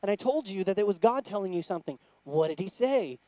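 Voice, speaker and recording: A man's voice: high voice, expressive, fast talker, warm tone, no room sound, voice pushed down. A man voicing an old male priest who grumbles at being woken up. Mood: grumpy. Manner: grumbling, annoyed. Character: old male priest Eli, grumpy sleepy.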